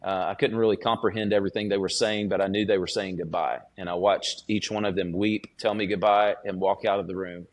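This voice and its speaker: A man, a student pastor, giving an earnest personal testimony as a podcast guest, in a halting, restarting way. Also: low voice, steady tone.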